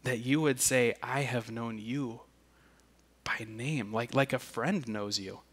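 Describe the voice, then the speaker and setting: Slow, deliberate male preacher. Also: medium pitch, a bit bright. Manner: slow and deliberate, with emphatic restarts. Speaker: pastor. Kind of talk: sermon.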